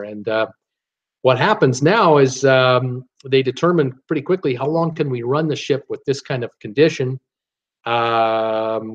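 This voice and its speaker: Man, middle-aged, chatty live-stream host, rambly with lots of fillers, slightly muffled lo-fi sound. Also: mid-range voice. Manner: rambling, frequent "uh" and restarts, upbeat replies to viewers. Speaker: YouTube channel host reading live chat. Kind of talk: casual live-stream chat.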